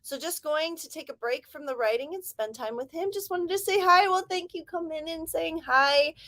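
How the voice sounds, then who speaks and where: A young woman from California, her accent drifting Southern, chatting casually with viewers as she hosts a writing livestream and greets them with sudden excited calls. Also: high-pitched. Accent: American, California drifting Southern.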